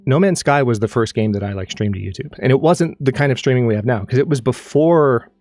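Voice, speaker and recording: A man's voice: medium pitch, quick pace, darkish tone, no echo, soft background music. A man hosting his own live stream, chatting casually and animatedly, rambling with restarts while he plays a game. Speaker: streamer and channel host.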